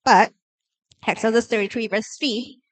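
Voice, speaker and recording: A woman preaching a sermon in a lively, conversational way, asking the listeners questions. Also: fairly high pitch, normal speed, low-quality recording.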